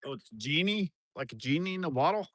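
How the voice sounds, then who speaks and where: A man, rambling casually on a livestream from a farm, with bursts of loud excitement. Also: a little high, fairly quick, dry recording, studio quality. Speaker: livestream host.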